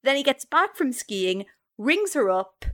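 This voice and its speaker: A woman with a slightly high voice leads a comedy podcast, recounting a story in a brisk, animated way. She keeps the tale moving for her co-hosts in a casual storytelling manner. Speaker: podcast host telling the story.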